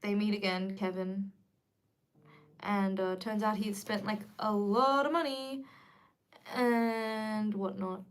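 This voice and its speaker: A young woman chatting casually to viewers on a livestream, lively and quick to react. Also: medium pitch, clear, resonant tone. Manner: chatty and animated, switching between English and Korean. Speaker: livestream host.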